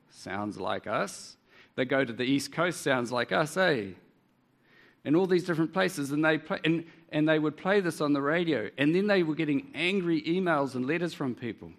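A man's voice: a little high, a little fast. A man with a New Zealand accent preaching a sermon, earnest and full of rhetorical tag questions.

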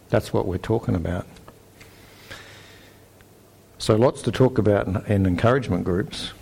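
A man's voice: fairly low pitch, steady tone, normal speed, creaky, hardly any pauses, darkish tone. A man with a New Zealand accent preaching a sermon, earnest and emphatic as he reads scripture aloud. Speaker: pastor.

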